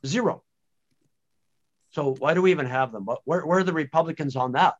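A man who researches home-based education, speaking as an animated, emphatic guest in a conversational podcast interview. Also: fairly high pitch, fairly quick. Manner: animated, emphatic, frequent restarts. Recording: dull lo-fi audio.

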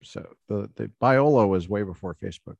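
A man's voice: fairly low pitch, a little fast, creaky, darkish tone, no room sound, muffled recording. A man in his forties hosting a podcast, chatting casually, joking and rambling with many fillers. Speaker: podcast host. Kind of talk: casual interview chat.

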